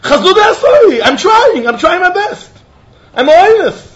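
Male teacher doing a desperate man pleading from afar, pitched high. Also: very animated, a little slow, full character voice. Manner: yelling, pleading. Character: desperate pleading man stuck across a river. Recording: dull lo-fi recording.

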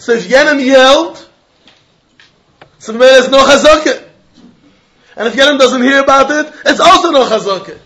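A man teaching a Talmud class, arguing through the text in an animated way and throwing pointed questions at his students. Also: very high-pitched. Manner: animated, argumentative, mixing Yiddish and Hebrew terms into English.

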